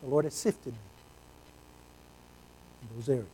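A man preaching a sermon, earnest, swinging from loud exclamations to hushed low tones. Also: unhurried, a little hiss or hum, low-quality recording.

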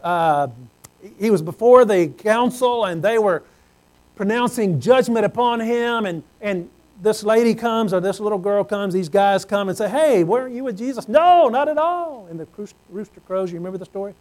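A man preaching a sermon, earnest, swinging from loud exclamations to hushed low tones. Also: moderate pace, poor audio.

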